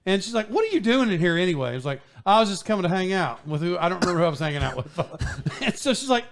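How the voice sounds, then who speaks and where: A man hosting a podcast, telling a story in a casual, animated way with frequent laughs and restarts. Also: high-pitched, fast talker, vocal fry, slight background noise. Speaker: podcast host.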